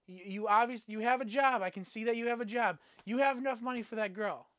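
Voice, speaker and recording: A man's voice: on the high side, normal speed, a bit bright, dry recording, lightly acted. A man voicing an irritated male street pimp who talks in an insistent, exasperated way. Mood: furious.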